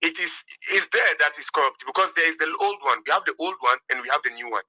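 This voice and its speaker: Man debater, sharp-toned and fast, deflects with questions; dry recording. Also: fairly high pitch, animated, slightly rough, no echo, rough recording. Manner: defensive, answers with counter-questions. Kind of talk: heated religious debate.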